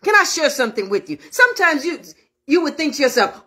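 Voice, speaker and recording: A woman's voice: sits high, very animated, normal speed, bright, forceful tone. A woman minister preaching an online sermon, emphatic and repetitive, speaking straight to her viewers. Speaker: minister and host of an online prayer show.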